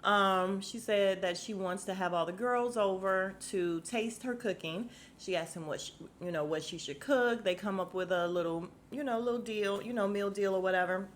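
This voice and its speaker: A chatty woman talks straight to her listeners from home, sassy and quick to laugh. Her voice sits at a middle pitch. A faint hum of household noise runs underneath her. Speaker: podcast host recapping a reality show. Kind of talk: casual chat.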